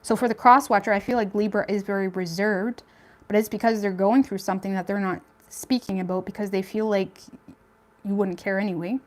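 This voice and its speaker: A woman's voice: mid-range voice, steady tone, fairly quick, darkish tone. A young woman giving a casual tarot reading, talking in a chatty, blunt way with lots of fillers and some swearing. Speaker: tarot reader.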